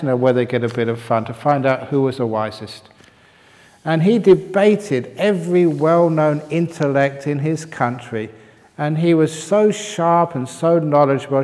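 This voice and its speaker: A man's voice: on the high side, a little mellow. A man who is a Buddhist monk and teacher, answering retreat questions with humorous stories and reading each question aloud. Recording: long reverb of a meditation hall.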